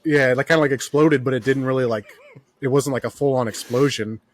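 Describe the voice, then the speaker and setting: A man's voice: mid-range voice, a little fast. A man host telling stories in casual podcast chat, swearing often and filling with "like" and "uh.". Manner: profane, storytelling, heavy filler words.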